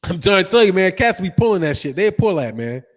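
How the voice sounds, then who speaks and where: A man's voice: sits high, big pitch swings, a little fast, long reverb tail. A man hosting a casual boxing livestream, reading viewer comments, laughing often and throwing in slang like "dog" and "man". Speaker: boxing channel host.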